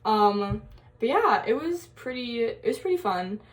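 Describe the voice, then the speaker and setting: A woman's voice: a little high, sing-song, a little slow. A young woman telling a story in a casual college vlog, chatty and giggly, full of fillers and quoted asides. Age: young adult. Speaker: college vlogger.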